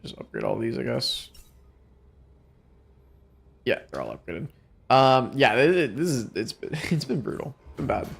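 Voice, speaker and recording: A man's voice: medium pitch, wildly swooping pitch, moderate pace, creaky, long pauses, slightly rough. A young man streaming a video game, sounding exhausted and talking in a rambling, self-deprecating way. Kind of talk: casual gameplay commentary.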